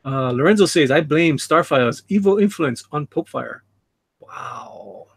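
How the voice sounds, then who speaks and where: This livestream host has a fairly high male voice with lively intonation, a slightly rough edge and some vocal fry, speaking unhurriedly on a dry recording. He's chatty and laughs a lot, reading chat comments aloud and tossing in jokey asides. His dog keeps jumping on him in the background.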